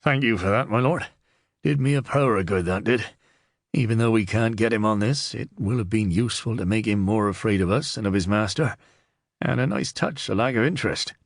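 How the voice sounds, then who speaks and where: A man voicing a wily, weather-beaten older sergeant with a gruff, sardonic manner in an audiobook. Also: fairly low pitch, fairly quick, no room sound, studio quality.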